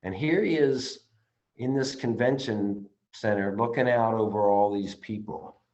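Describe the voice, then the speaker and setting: A man leading a study session, reading passages aloud and commenting with many pauses, restarts and ums, earnest and sometimes emotional. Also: on the low side, darkish tone. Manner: earnest, gets emotional at times. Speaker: study group leader. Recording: slightly dull, lo-fi audio.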